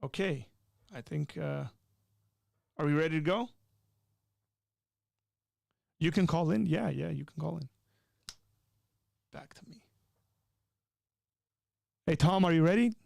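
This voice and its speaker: A man hosting a live call-in stream, talking in an animated, joking way as he teaches with rising emphasis. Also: fairly high pitch, measured pace, vocal fry, pauses often, no echo, clean studio sound. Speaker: livestream host. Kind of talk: live call-in show chat.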